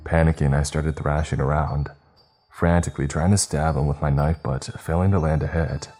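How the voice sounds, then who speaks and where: A man with a very low, dark and mellow voice reads a first-person horror story. His tone is husky and his telling is measured and tense. Faint music plays underneath. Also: fairly even intonation.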